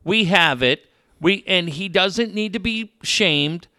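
A man's voice: sits high, slow, no room sound, clean studio sound. A man telling stories in a casual chat, swearing often and acting out the people he quotes. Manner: profane, animated, acts out quoted people.

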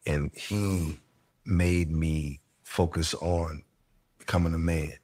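A man being interviewed, speaking reflectively and haltingly with frequent stammers. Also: rumbling low, fairly even intonation, darkish tone, dry recording. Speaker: interview guest.

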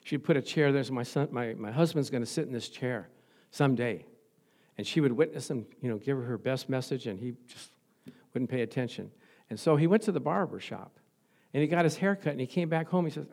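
Man, preacher, sermon, animated storytelling, soft murmured prayer, medium pitch. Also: a little fast.

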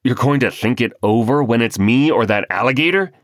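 A fed-up coal miner husband, as a male narrator puts him on, indignant and blustering. The voice sits low and close, with a dry, deep tone. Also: animated, normal speed, fairly bright tone, dry recording. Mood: exasperated. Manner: indignant, pleading.

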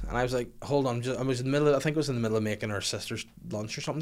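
A man's voice: rapid-fire, few pauses. A man, hosting a podcast and telling funny stories in a casual, swearing way. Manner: animated, swears a lot, puts on high squeaky voices for his daughter. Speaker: podcast host. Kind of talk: casual comedic storytelling.

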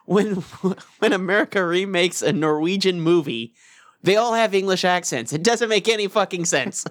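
A man's voice: high voice, expressive, normal speed, fairly bright tone, no room sound, studio quality. A man chatting casually on a comedy podcast, joking and ranting with plenty of swearing. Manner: profane, ranting, jokey.

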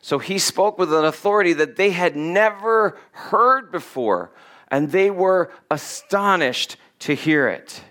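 A man's voice: high-pitched, animated, unhurried, fairly bright tone. Man preaching a casual sermon. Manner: casual, acts out quotes in voices. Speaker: pastor. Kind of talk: conversational sermon.

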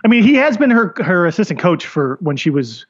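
A man with a high, lively voice co-hosting a casual podcast. He hedges and weighs his words with many fillers. The audio is slightly dull and lo-fi. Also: no room sound. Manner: hedging, measured counterpoint. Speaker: podcast co-host. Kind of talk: casual chat.

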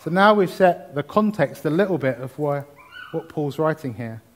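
A man's voice: on the high side, expressive, moderate pace. A man preaching a sermon, reading scripture and talking about it with exuberant emphasis. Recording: long hall reverb.

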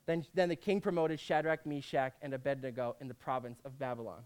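A man's voice: medium pitch, fairly even intonation, a little fast, a little mellow, smooth. A man preaching in a casual, jokey way, reading scripture aloud between conversational asides.

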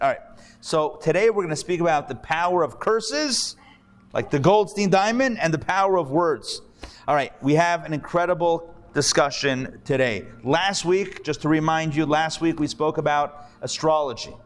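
Rabbi lecturing a live class, a man with a slightly high voice, lively and jokey with the room. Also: normal speed, clear, resonant tone. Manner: lively, jokey storyteller, chats with the audience. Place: classroom before a live audience.

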